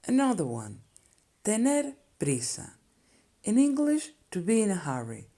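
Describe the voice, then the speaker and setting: A woman's voice: mid-range voice, wildly swooping pitch, a little slow, warm tone. A woman with a Spanish accent teaching basic Spanish phrases in English, patiently explaining each phrase step by step. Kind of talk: language lesson explanation.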